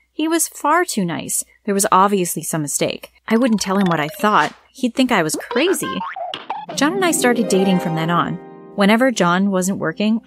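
A woman tells a scripted first-person story in a plain, steady reading voice. Her pitch sits squarely in the middle range. Faint music plays beneath her narration.

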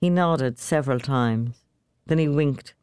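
A woman reading a short story aloud in a measured, expressive narration. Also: very deep voice, clean tone, no echo, clean studio sound.

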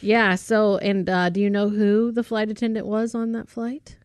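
A woman co-hosting a radio show, chatting casually with many quick agreements. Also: mid-range voice, level tone, a little mellow, clean tone, dry recording, clean studio sound. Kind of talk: casual chat.

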